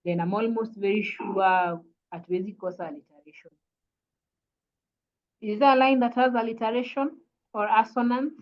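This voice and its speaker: A woman with a Kenyan accent leads an online revision lesson over a video call. Her voice sits at a middle pitch, and she is patient and repetitive, with steady "uh" fillers. The sound is dull and lo-fi. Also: normal speed, long pauses. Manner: patient, repeats "kindly", frequent "uh" fillers. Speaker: English teacher.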